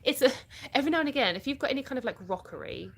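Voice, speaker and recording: A woman's voice: high voice, animated, racing, fairly bright tone, breathy edge. A middle-aged British woman from the UK, chatting casually on a live stream, reading and answering viewers' comments and laughing often. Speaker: livestream host.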